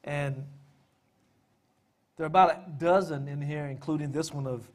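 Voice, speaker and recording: Man, public talk, slightly high voice, easygoing, lots of uh fillers, dry humor. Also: moderate pace. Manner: conversational with frequent "uh" fillers and dry self-deprecating humor. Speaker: speaker presenting family history and poetry.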